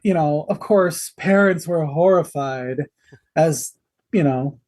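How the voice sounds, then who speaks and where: A man's voice: on the high side, slow pace, darkish tone. Guy cohosting a movie podcast, rambly, lots of ums, kinda sarcastic. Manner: rambling, sarcastic, many fillers. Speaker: podcast co-host. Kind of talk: casual podcast chat. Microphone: video call.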